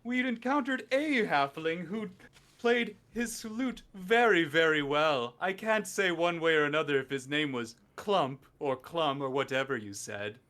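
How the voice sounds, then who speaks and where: A man's voice: a little high, unhurried, a bit bright. A man playing a tabletop game in character, sarcastic and mock-grand. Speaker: player.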